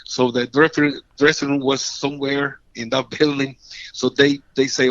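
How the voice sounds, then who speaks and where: A middle-aged man from Puerto Rico, a native Spanish speaker, spins animated stories in broken English with a strong Puerto Rican Spanish accent. He restarts his sentences constantly, stacks fillers, and jumps to loud bursts as he acts out what others said. The recording is dry and close, with a slightly dull, lo-fi tone. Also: medium pitch, normal speed, dry recording. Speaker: guest, former wrestler. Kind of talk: animated storytelling in an interview. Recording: dull, slightly lo-fi podcast audio.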